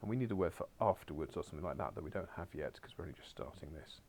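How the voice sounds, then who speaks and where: A man's voice: rumbling low, animated, rapid-fire, darkish tone, a little hiss or hum. A man teaching a beginners' Spanish class, coaxing his pupils along with wry asides and muttered whispers, heard in a school classroom.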